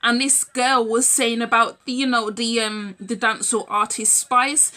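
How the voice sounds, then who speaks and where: Young adult woman vlogger, emphatic and heated, with a high, sharp voice. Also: fairly even intonation, unhurried. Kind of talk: direct-to-camera rant.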